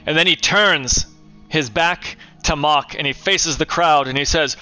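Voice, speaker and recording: A man narrates a tabletop game as game master, pausing often on fillers. His voice is high and bright, and he speaks slowly. Faint music sits underneath. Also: smooth, dry recording. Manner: slow, hesitant narration with fillers.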